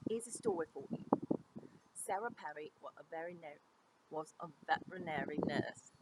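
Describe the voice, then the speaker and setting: A woman's voice: sits low, very noisy. A woman reading a story aloud in a put-on Cockney accent, stumbling and correcting herself now and then.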